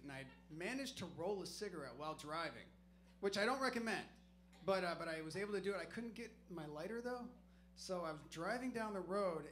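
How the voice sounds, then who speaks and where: A man's voice: fairly high pitch, fairly bright tone, slight background noise. A man doing stand-up comedy, telling a story in a loose, profane, self-mocking way on a comedy club stage.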